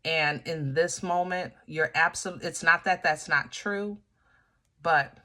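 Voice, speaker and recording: A woman talks her viewers through a tarot reading in a relaxed, conversational way. Her voice is bright and forward, and her delivery is animated and full of everyday asides. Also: low-pitched, takes it slowly. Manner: animated, chatty, with laughs and colloquial asides. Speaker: tarot reader. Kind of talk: casual tarot reading to camera.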